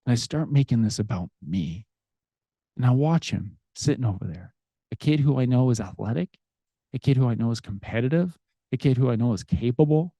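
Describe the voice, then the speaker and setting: A man's voice: medium pitch, expressive, a little fast, mellow, no room sound. A man hosting a podcast, telling a personal story in an earnest, reflective way with restarts. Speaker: podcast host.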